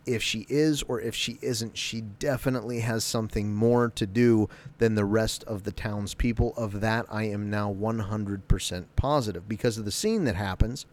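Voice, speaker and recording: A man's voice: on the low side, normal speed, hardly any pauses, a little mellow. A man giving a casual, rambling spoken recap of a TV episode, often correcting himself as he goes. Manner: rambling, self-correcting, acts out quotes.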